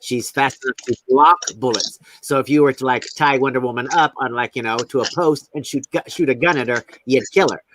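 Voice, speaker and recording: A man's voice: medium pitch, a little fast, hardly any pauses, a bit bright, a little hiss or hum. A man co-hosting a casual stream chat, talking at length with lots of fillers. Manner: chatty, explains at length with fillers.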